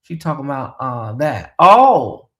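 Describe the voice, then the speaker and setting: A man's voice: on the high side, expressive, normal speed, a bit bright. A man hosting a casual livestream, chatting animatedly and reading out viewer comments with exclamations and asides. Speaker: livestream show host.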